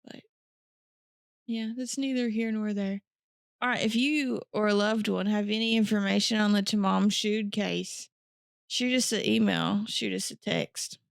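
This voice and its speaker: This woman co-hosts a podcast in clean studio sound with no echo. Her mid-range, gravelly voice stays steady and unhurried as she chats casually, giggling, rambling, and poking fun at herself.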